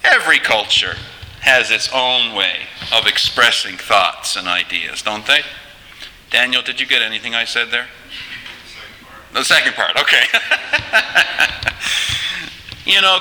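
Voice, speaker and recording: A man preaching a sermon in a measured, earnest way, turning to address listeners directly. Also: medium pitch, lively intonation, bright, forceful tone, long reverb tail, slight background noise, rough recording.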